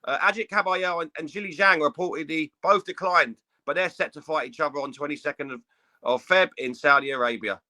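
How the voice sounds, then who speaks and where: A man's voice: a little high, fairly quick, pushed and bright. A man co-hosting a casual boxing podcast, sounding fed up, stammering and swearing. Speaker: podcast co-host.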